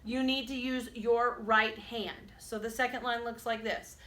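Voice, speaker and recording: A woman's voice: a little high, fairly even intonation, unhurried, hardly any pauses, heavy background noise. A middle-aged woman music teacher, chatty, explaining a rhythm game to students step by step. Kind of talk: recorded music lesson for students. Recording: echoey room, mic at a distance.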